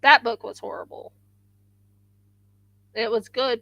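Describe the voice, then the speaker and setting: A woman's voice: a little high, slow, vocal fry, bright, forceful tone, no echo, poor audio. A woman hosting a craft livestream, chatting casually and rambling with frequent restarts.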